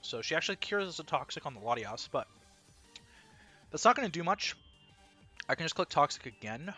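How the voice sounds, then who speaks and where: A man's voice: on the high side, pushed and bright. A man commentating his own competitive battle live, thinking aloud analytically with bursts of disbelief.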